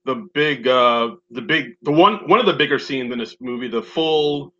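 This man co-hosts a podcast, chatting casually in a mid-range voice at normal speed, his tone pushed and bright. He rambles, packing in plenty of "like," other fillers, and restarts. A dull lo-fi mic carries a faint hum.

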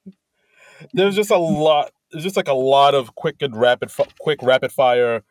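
A man co-hosting a podcast, talking haltingly about comedy sketches with many fillers and chuckles. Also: mid-range voice, animated, no echo. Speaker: podcast co-host. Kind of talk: casual chat reviewing comedy sketches.

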